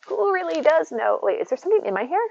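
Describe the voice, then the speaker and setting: A woman's voice: high voice, sing-song, fast talker, gravelly, a little mellow, highs cut off. A woman streaming from home, chatting casually and rambling to her viewers, reading and answering their messages by name. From United States. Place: home, indoors.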